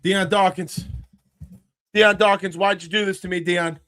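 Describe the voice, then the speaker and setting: A man hosting a live sports stream, talking in an excited, frantic way and repeating himself. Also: high-pitched, measured pace, dry recording. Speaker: sports podcast host. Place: home studio, seated.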